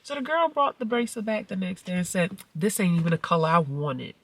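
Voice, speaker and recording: A middle-aged woman vlogging casually to her viewers, telling a family story and acting out the quoted lines with sudden high-pitched outbursts. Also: fairly quick, recorded from a distance. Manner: animated storytelling, acts out quotes with big pitch jumps. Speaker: mommy vlogger. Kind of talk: casual vlog talk.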